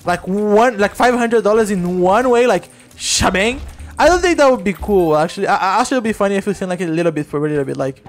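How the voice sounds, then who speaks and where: Male game streamer, high voice, rambling casual chat with loud outbursts, faint background music. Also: animated, fast. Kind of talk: casual gameplay livestream chat.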